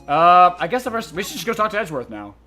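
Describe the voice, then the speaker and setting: A man rambles through gameplay commentary with crude jokes and giggles, his pitch swinging lively. His tone is bright and forward. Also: quick pace, faint music behind. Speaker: let's-play host.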